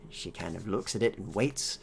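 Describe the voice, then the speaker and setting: A man narrating a tabletop horror game as game master, relaxed and hesitant with many fillers. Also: deep voice, brisk, gravelly, a little hiss or hum.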